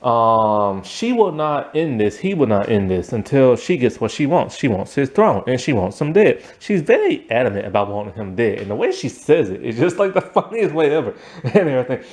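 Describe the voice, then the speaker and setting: A young man talks through a TV series in a loose, rambling way, full of ums and likes and quick chuckles. His pitch swings up and down a lot as he goes, lively and expressive at a middling pitch. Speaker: TV series reviewer. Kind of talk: casual spoken review.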